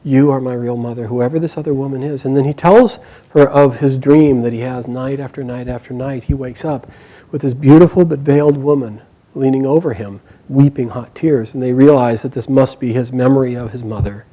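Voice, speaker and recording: A man telling an epic story aloud, narrating expressively with frequent pauses and small restarts. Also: mid-range voice, fairly even intonation, warm tone, low-quality recording.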